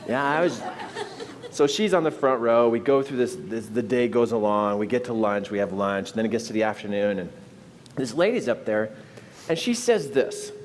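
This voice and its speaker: Man, storyteller, fairly high and very lively voice, faint room hum behind. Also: normal speed. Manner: acts out voices in his anecdotes, jumping pitch and volume. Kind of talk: animated storytelling.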